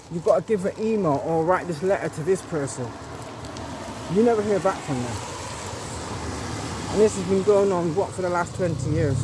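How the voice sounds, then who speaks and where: A woman vlogging an angry monologue, indignant and emphatic, swearing and repeating herself. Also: on the low side. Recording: noisy home recording.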